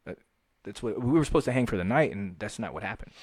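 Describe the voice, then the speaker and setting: Husky, fairly low and quick, this young podcast co-host's voice comes through in clean studio quality with no echo. Chatting casually, he tells a story animatedly, cursing and performing quotes amid laughter.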